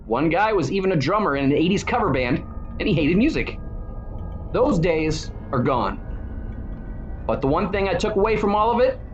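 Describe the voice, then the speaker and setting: A man's voice: high voice, very animated, moderate pace, pauses often, highs cut off, slight background noise. A man in his forties with a wry, irreverent manner, delivering a scripted monologue as a video host. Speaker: church founder and video host.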